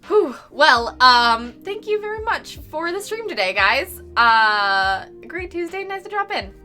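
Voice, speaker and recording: Bright, giggly woman streamer. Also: high-pitched, big pitch swings, measured pace. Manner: effusive, giggly, chatty with frequent laughs. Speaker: artist live-streaming her drawing. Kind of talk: casual live-stream chat with viewers. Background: faint background music.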